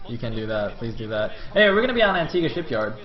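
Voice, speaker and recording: Talking fast with big swings in pitch, this young man casts a video game alone on his stream, his mid-range voice full of rambling chatter and fillers. It's solo esports commentary, captured in slightly dull lo-fi audio with faint music.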